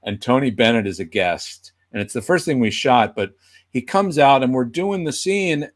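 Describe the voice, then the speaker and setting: A man, a puppeteer invited as a guest, spinning a relaxed backstage story in a conversational tone. He slips into lively impressions whenever he quotes someone, then drops back to his everyday voice. His voice sits at a middling pitch for a man. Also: normal speed. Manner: animated, acts out quoted voices. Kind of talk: casual anecdote telling.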